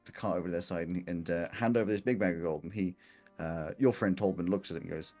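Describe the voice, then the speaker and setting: A man running a tabletop game as game master, talking casually, laughing often and filling pauses with "uh" and "like". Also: deep voice, darkish tone, faint music behind. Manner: chatty, laughing, many fillers.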